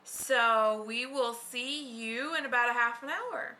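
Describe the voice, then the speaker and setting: Woman vlogger, high and bright, calm step-by-step kitchen instruction to a kid. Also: takes it slowly. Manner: patient step-by-step instructions, coaching a child. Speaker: home baking vlog host. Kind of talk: casual baking demonstration. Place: home kitchen.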